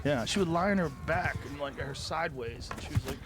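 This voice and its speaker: A man's voice: fairly high pitch, a little fast, over loud music. Man rambling through casual anecdotes. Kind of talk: casual chat.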